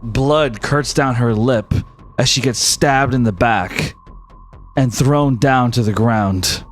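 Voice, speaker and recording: A man's voice: mid-range voice, slow, soft background music. A man narrating a tabletop game as game master, dramatically describing scenes.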